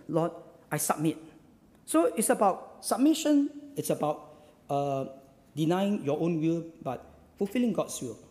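A man preaching a sermon as a pastor, emphatic, repeating his phrases and pausing on "uh" fillers. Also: high-pitched, a little mellow, in a large hall.

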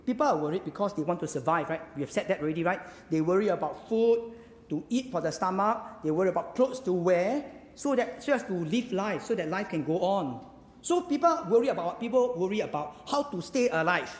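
A high-voiced man with a Singaporean English accent preaches a sermon at normal speed, animatedly hurling rhetorical questions at his congregation. The sound is echoey, as in a hall, with faint background ambience.

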